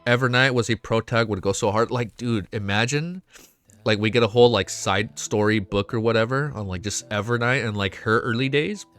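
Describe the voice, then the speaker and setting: A young man chatting casually on a live stream while reacting to a web novel, excitable and swearing often. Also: lowish voice, fairly quick, faint music behind.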